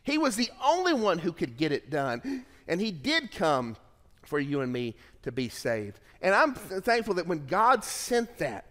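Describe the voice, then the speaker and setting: A middle-aged man preaching a sermon as pastor, telling a family story in an earnest way and swelling louder on key phrases. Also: high voice, big pitch swings, measured pace. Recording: long hall reverb.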